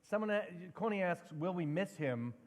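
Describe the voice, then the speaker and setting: A man co-hosting a comedy show with dry, wry banter. His voice sits a little high. A long hall reverb hangs behind him. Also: animated, normal speed. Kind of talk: casual comic banter.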